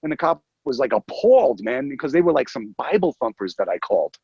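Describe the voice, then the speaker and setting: Casting: gravelly, higher-pitched man, excitable prank-call storyteller, dull, dry lo-fi audio. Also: fairly quick, dry recording. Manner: excitable, swears freely, acts out callers in put-on voices. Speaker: podcast guest, former prank caller. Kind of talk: casual chat, storytelling.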